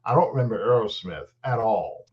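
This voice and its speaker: A man co-hosting a casual sports chat, telling stories in a rambling, animated way with many restarts. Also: lowish voice, a little fast. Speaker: podcast co-host. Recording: dull lo-fi audio.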